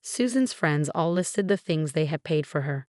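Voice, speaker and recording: A woman tells a first-person story in a lowish voice, reading every part of the dialogue without changing her sound. The recording is dry and close, with no room around her. It sounds like scripted story narration. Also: normal speed, no echo. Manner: reads every character in one steady voice.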